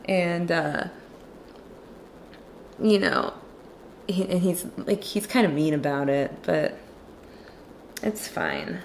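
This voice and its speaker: A gravelly, fairly low-pitched female voice moves slowly with a sing-song lilt and long pauses, over slight background noise. She's an illustrator and movie commentator casually chatting about a film while drawing, sarcastic, chatty, and heavy on "like".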